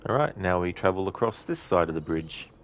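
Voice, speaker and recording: A man's voice: low-pitched, animated, fairly quick, slight background noise. A man streaming a video game, chatting casually and reading out his chat's messages. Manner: chatty, reads out chat messages, laughs often. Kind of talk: casual gameplay commentary.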